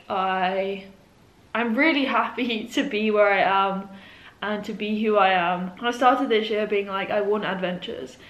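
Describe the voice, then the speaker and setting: A woman in her twenties shares heartfelt, emotional thoughts in a birthday vlog. She talks reflectively and often says "like.". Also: a little high. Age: 20s. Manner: emotional, heartfelt, leans on "like" a lot. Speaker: vlogger. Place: indoors at home. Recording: echoey room.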